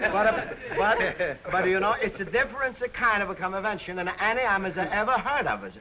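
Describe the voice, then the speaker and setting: A man's voice: high-pitched, pitched above the performer's own voice, poor audio. An actor putting on a comic broken-English dialect, playing a chummy, joking immigrant man who laughs as he talks.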